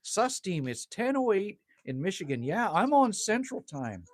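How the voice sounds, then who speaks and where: A laid-back man chats with viewers on a livestream from outside his cabin in the evening. His voice is husky, and his pitch swings a lot as he talks. The sound is dry and close, with little room echo. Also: big pitch swings, moderate pace. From Manitoba, Canada. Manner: laid-back and chatty, teases himself, swears lightly, says "man" often. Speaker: livestream host. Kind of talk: casual livestream chat reading viewer comments.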